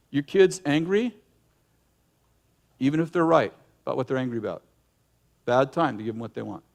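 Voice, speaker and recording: A middle-aged male pastor preaching a sermon in an animated way, breaking into acted yelling now and then. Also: mid-range voice. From United States.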